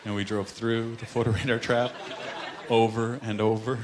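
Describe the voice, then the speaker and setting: Stand-up comic on a live stage. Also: male voice, mid-range voice, normal speed, heavy background noise. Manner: storytelling punchlines, animated voices for quoted people. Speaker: stand-up comedian. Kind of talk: stand-up comedy set. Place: comedy club stage with live audience. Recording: live stage recording with loud audience laughter. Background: audience laughter and clapping.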